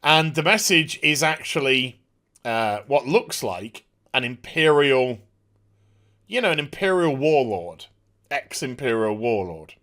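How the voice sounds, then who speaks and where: A man casually recapping a TV episode, excitable and full of scene retellings. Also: medium pitch, measured pace. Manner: excitable, retells scenes with rough impressions and sound effects. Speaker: TV show reviewer.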